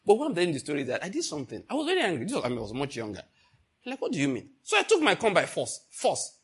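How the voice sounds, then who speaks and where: Racing along in a husky, fairly high voice, an older man preaches a sermon. He narrates a story with animation and calls out questions to the congregation.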